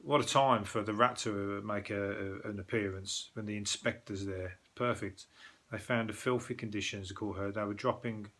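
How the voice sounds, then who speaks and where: A man's voice: on the low side, steady tone, normal speed, fairly bright tone. A man with a Birmingham accent, host of a newspaper review, chatting casually in a sweary, sarcastic, rambling way. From Birmingham, England. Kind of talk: casual chat.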